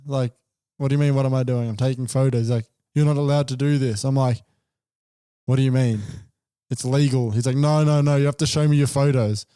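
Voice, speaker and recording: A man's voice: medium pitch, fairly even intonation, fairly quick, warm tone, smooth, dry recording, studio quality. A young man co-hosting a podcast, telling a story in casual chat and acting out the dialogue, swearing freely. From Australia. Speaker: podcast co-host.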